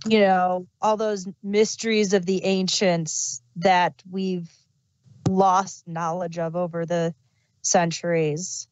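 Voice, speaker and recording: A woman speaks very slowly and deliberately on a podcast, laying out her argument with examples. Her audio comes through dull and muffled, as if through a pillow. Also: lowish voice, little pitch movement, a little mellow, clean tone. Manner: slow, deliberate, argues with examples. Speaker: podcast co-host. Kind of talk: casual review chat. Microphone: muffled home microphone on a voice call.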